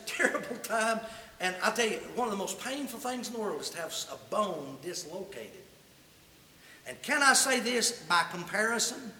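A man's voice: sits high, pushed and bright, slight background noise. A man preaching a sermon, telling a humorous personal story in a folksy, colloquial way. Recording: echoey hall reverb.

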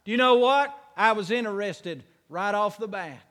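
Preacher, high-pitched male voice, homespun stories building to fervent preaching, reverberant hall. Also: moderate pace, fairly bright tone. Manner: folksy storytelling, rising to fervent preaching. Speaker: pastor. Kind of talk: sermon.

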